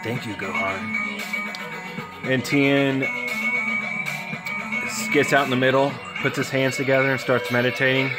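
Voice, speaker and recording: A man casually retelling a fan story, rambling, with plenty of fillers. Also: mid-range voice.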